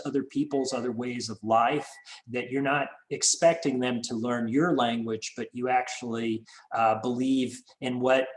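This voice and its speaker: A man's voice: medium pitch, low-quality recording. A man, a French professor, speaking in a webinar on a video call, with many fillers and restarts. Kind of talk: webinar talk.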